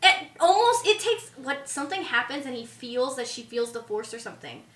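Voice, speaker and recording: A woman co-hosting a podcast, chatting casually about a movie in an animated way, swearing freely and acting out characters. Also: high voice, fairly quick, echoey room, recorded from a distance. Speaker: podcast co-host.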